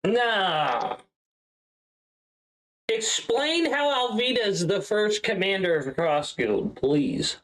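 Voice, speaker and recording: Man, podcast host, upbeat, announcer-style intros, slightly high voice. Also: very animated, drawn-out words, a bit bright, poor audio. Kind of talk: casual chat.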